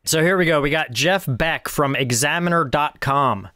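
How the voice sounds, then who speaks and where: Higher-voiced man hosting a movie podcast, dry sound. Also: normal speed, sharp tone, no echo. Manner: leads the segment, laughs often. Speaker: podcast host. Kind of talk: casual movie podcast chat.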